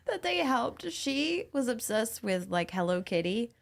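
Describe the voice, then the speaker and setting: A woman's voice: on the high side, big pitch swings, slow pace, gravelly, fairly bright tone. A woman co-hosting a casual live chat show, giggly and rambling. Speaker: co-host.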